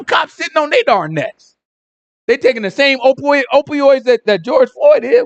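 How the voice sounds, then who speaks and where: A man giving an informal Sabbath teaching to a congregation, talking in an animated, conversational way full of rhetorical questions. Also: extremely high pitch, normal speed, dry recording, lo-fi sound.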